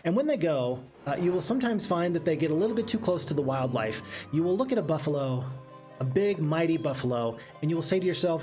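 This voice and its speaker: A man with a somewhat high voice gives animated, casual commentary on his game, thinking out loud and answering chat as he plays. Soft game music sits quietly behind him. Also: fast talker. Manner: chatty, animated, reads chat aloud. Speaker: gaming streamer. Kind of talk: casual let's-play commentary.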